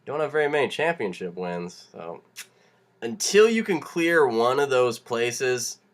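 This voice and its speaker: A man's voice: medium pitch, sing-song, measured pace. Young guy, casual fired-up rant delivered with laughs and restarts. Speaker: vlogger.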